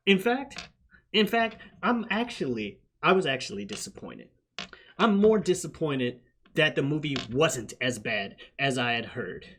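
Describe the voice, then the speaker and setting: A man hosting a casual movie-review podcast, ranting loudly and swearing often. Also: high voice. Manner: profane, animated ranting. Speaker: podcast host.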